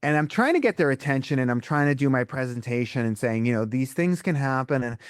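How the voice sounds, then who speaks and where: Speaking quickly in a clear, resonant, mid-range voice, a man who coaches breathwork recounts stories during a podcast interview. He's an animated storyteller who performs other people's quotes, and the studio recording is clean and echo-free.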